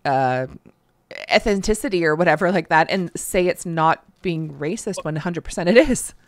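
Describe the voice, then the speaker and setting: A woman from Canada co-hosts a casual podcast and tells rambling stories, laughing often. Her voice swoops up and down, very lively in pitch, and the recording is dry and close. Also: normal speed, no echo. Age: young adult to middle-aged, a parent. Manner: laughs often, rambling storytelling with many fillers. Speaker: podcast co-host.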